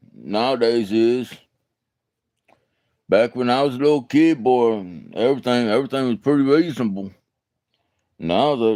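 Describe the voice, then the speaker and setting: A man from Alabama with a Southern American accent, hosting a casual livestream, chatting with viewers in a halting, folksy way and often repeating his words. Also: medium pitch, darkish tone, clear, resonant tone, no room sound, clean studio sound. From Alabama, USA. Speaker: livestream host. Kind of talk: casual livestream chat answering comments.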